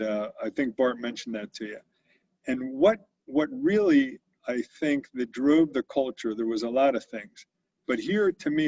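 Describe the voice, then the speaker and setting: Gravelly older man telling business stories. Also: mid-range voice, no room sound, highs cut off. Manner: animated storyteller who acts out quotes. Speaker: company founder and guest speaker. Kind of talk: storytelling interview.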